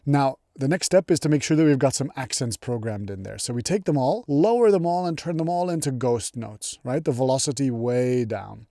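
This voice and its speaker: A man's voice: mid-range voice, mellow, no echo, studio quality. A man teaching music production in a casual, chatty tutorial, upbeat and enthusiastic. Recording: music playing behind.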